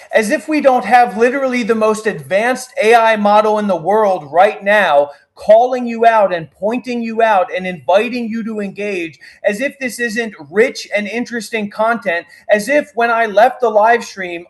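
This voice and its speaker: A man with a high voice rants on a livestream. He pleads, rambles and swears, piling clause on clause. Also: moderate pace, hardly any pauses. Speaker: livestream guest prompting an AI. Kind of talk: heated livestream talk.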